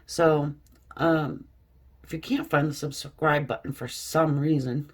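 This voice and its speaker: A woman giving a casual tarot reading, reading card texts aloud slowly with chatty asides to her viewers. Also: low-pitched, steady tone. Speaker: tarot reader.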